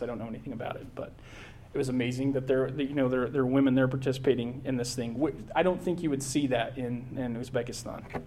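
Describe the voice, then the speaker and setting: A man's voice: mid-range voice, a little mellow, slight background noise. A middle-aged American man giving a casual travel slideshow talk, rambling with many fillers and restarts. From United States.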